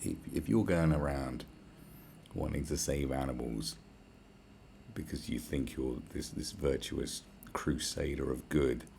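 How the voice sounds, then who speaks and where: A man's voice: very deep voice, unhurried, gravelly, darkish tone, slight background noise. A man, hosting a podcast in a crude, blunt, rambling solo rant full of swearing and sarcasm. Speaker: podcast host.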